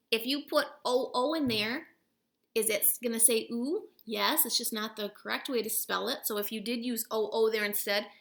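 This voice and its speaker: A woman's voice: a little high, gravelly, fairly bright tone. A woman teaching a recorded spelling lesson to third graders at home, patient and encouraging as she breaks words into sounds.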